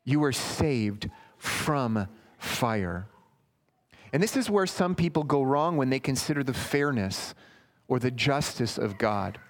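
A man's voice: mid-range voice, expressive, slow pace. A man preaching a sermon in an earnest, emphatic way, speaking directly to his listeners as friends.

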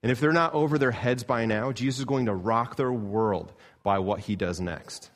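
A man, a pastor from Canada, preaching a sermon in an earnest style, rising to emphatic peaks and dropping low. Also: normal speed.

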